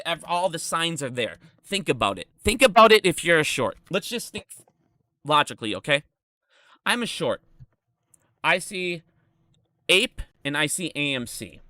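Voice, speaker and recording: A man's voice: fairly high pitch, pushed and bright, no echo, studio quality. A man hosting an unscripted stock commentary video, ranting in a heated, profane way and restarting his explanations often. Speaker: stock market video host.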